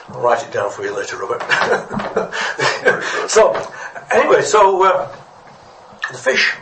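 Chatty preacher telling a parable. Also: male voice, mid-range voice, sing-song, drawn-out words, long pauses, noisy background. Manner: chatty, rambling, good-humoured. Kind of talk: storytelling sermon. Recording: echoey room from a distance.

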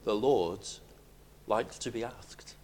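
A man preaching a sermon, emphatic, moving between loud declarations and hushed lines. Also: on the low side, slow pace, slight background noise.

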